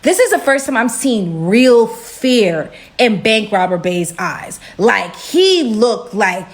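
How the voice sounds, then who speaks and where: A young woman from Brooklyn tells a storytime vlog. She is animated and chatty, dropping "like" and "right?" all through it. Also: fairly high pitch, slow. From Brooklyn, New York.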